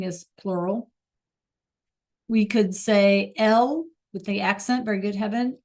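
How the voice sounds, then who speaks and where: A woman teaching a beginner Spanish class, praising students by name and checking that they follow along. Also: medium pitch. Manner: encouraging, repeats praise and checks understanding.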